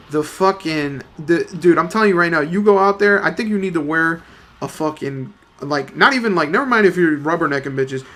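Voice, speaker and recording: A man's voice: a little high, fairly bright tone. A young man in his twenties chatting casually, telling a rambling, profane story full of slang and fillers. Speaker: let's play commentator.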